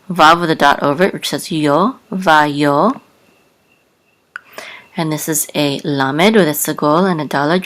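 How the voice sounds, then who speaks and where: A soft-spoken woman with a low-pitched voice gives a patient, careful Hebrew lesson, pausing often with fillers as she spells out sounds. The audio quality is poor.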